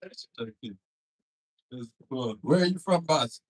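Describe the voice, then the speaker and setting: A man's voice: mid-range voice, lively intonation, measured pace, slightly rough, rough recording. A man hosting a comedy show on a club stage, doing loose, profane crowd work and teasing the audience.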